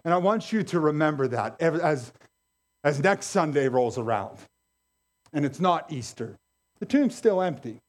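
A male pastor preaching a sermon, animated and emphatic, repeating key phrases for effect. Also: a little high, normal speed.

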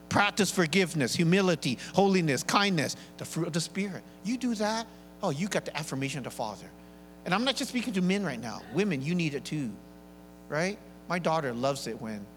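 A middle-aged man preaching a sermon in a church, animated and playful, mimicking his congregation with big swings in voice. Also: a little high. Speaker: pastor. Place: large church hall. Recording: live church hall reverb, faint hum.

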